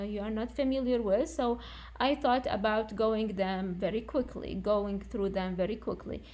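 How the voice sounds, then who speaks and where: A woman teaching an English lesson, explaining and correcting herself as she goes. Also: fairly high pitch.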